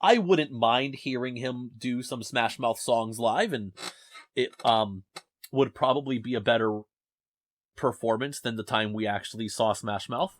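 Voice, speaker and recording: A man's voice: medium pitch, unhurried, no room sound. Young male podcast host, rambling and self-deprecating, dry close sound. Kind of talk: casual podcast chat. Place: home basement.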